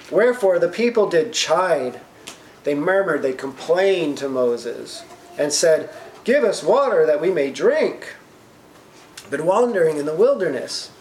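A man's slightly raised voice fills a roomy church hall as he preaches. He reads scripture with slow emphasis, then breaks it down plainly, checking in with the room over and over. Faint ambience hangs under the echo. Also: on the high side, a little mellow, a little hiss or hum. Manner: asks the congregation questions, frequent "right?". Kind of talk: sermon with scripture reading.

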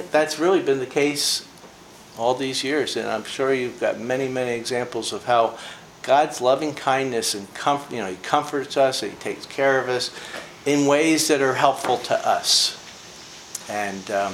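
At a measured pace, an older preacher with a medium-pitched, somewhat bright voice delivers an informal devotional talk. He chats his way through personal stories in a folksy manner, laughing often and leaning on fillers. The recording has room echo and faint ambient noise.

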